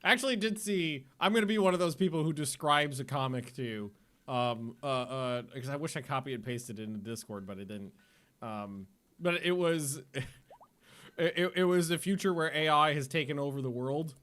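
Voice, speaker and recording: During a laid-back gameplay livestream, a man rambles as he chats, frequently breaking off mid-sentence and laughing at the stories he tells. His voice is a little high and fairly bright, and he speaks at normal speed.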